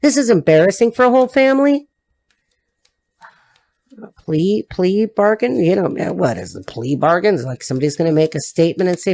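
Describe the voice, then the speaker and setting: A woman's voice: fairly low pitch, very animated, normal speed, mellow, no echo. A woman giving an intuitive tarot reading to her audience, free-associating and repeating herself in a blunt, emphatic way. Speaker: tarot reader.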